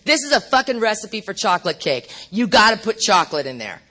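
A middle-aged woman speaking at a recovery meeting, telling her story bluntly and profanely with animated asides. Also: medium pitch, a little fast.

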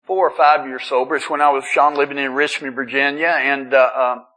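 A man's voice: mid-range voice, flat delivery, brisk, pushed and bright, rough recording. A middle-aged man speaking at a recovery meeting, telling his story in a casual, humorous way, often stammering and restarting. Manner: conversational storytelling with self-deprecating humor. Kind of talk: personal testimony talk. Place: meeting room.

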